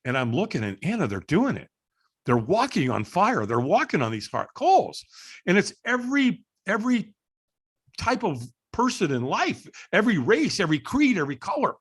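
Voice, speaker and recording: A middle-aged man telling a story as a guest on a podcast, animated and acting out the voices of people in the story. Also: high voice, husky. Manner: animated storyteller, acts out quoted dialogue. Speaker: guest, firewalk instructor.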